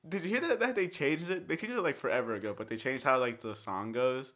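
Co-host, man; jokey, rambling, swears freely, voice swings widely in pitch. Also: animated, brisk, hardly any pauses, a bit bright. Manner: joking, swears, trails off. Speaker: podcast co-host. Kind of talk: casual podcast chat.

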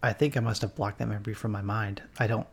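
A man talks in a casual podcast chat with a gravelly, creaky voice at an ordinary pitch. He teases his co-host with dry, wry remarks. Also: steady tone, quick pace.

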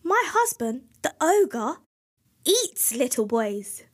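A woman voicing the anxious wife of an ogre in a storybook reading, speaking high and urgently. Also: big pitch swings, slow pace, heavily acted.

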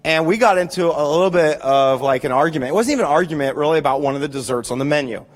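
A man in his forties preaching a sermon, telling animated, joking stories about his own marriage with frequent restarts. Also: on the high side, fast talker. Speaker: pastor.

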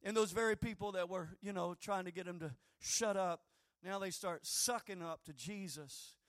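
A man preaching a sermon with fervor, swinging between shouting and hushed tones. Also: high voice, normal speed, no room sound, studio quality.

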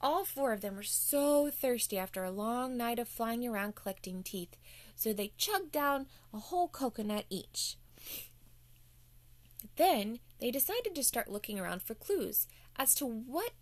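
A woman's voice: on the high side, animated, unhurried, dry recording. A woman telling a playful bedtime story to children as the show's host.

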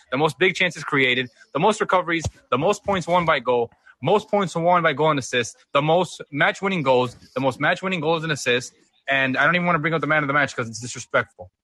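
Rapid, insistent man in heated debate. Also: on the high side, bright, forceful tone, dry recording. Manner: fast, insistent, combative, reels off stats. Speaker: podcast co-host.

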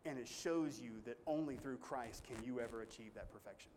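A man preaching a sermon in a folksy, emphatic way, climbing high when stirred. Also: brisk, a little mellow, slight background noise. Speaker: pastor.

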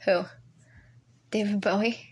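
A woman's voice: medium pitch, fairly even intonation, measured pace, husky. Rambling, giggly teen girl podcaster. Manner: rambling and giggly, talks to herself. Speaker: podcast host. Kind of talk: casual chat.

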